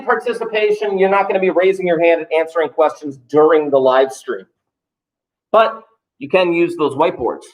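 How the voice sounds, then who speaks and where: A man's voice: fairly high pitch, low-quality recording. A man, a math teacher joking through first-day rules for his class. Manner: joking, offhand, self-mocking asides. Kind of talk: classroom talk to students, livestreamed.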